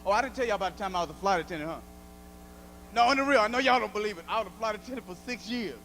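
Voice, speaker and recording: A man doing a stand-up comedy set, telling stories loudly and acting out the voices of the people in them. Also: sits high, very fast, noisy background. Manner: loud animated storytelling, acts out voices. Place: comedy club stage.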